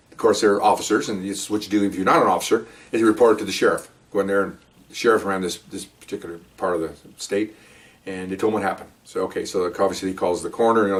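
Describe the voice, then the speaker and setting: An older man, a retired police officer, telling a story in a rambling, halting way, choked up at times. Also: deep voice, fairly even intonation, recorded from a distance. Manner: rambling, halting, self-correcting. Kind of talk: casual storytelling monologue.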